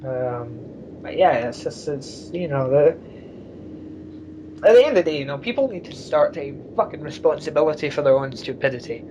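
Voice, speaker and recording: A man's voice: on the high side, lively intonation, normal speed, dark tone. A man in a casual rambling chat, blunt and sarcastic, with the odd swear word. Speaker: co-host. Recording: lo-fi mic with faint noise.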